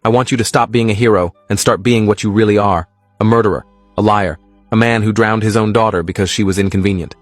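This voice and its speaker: A man voicing the ghost of a drowned girl, speaking low, quiet and reproachfully in a read horror story. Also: steady tone, fast talker, dry recording, natural voice. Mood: accusing.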